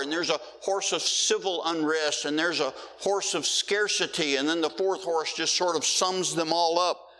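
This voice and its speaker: A middle-aged male pastor preaching a sermon, stretching out key words slowly for emphasis. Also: medium pitch, bright, forceful tone. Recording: hall reverb.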